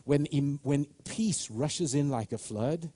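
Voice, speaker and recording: A man's voice: fairly high pitch, takes it slowly, mellow, breathy edge. A middle-aged man preaching a sermon with fervent delivery, often repeating and restarting words as he builds momentum.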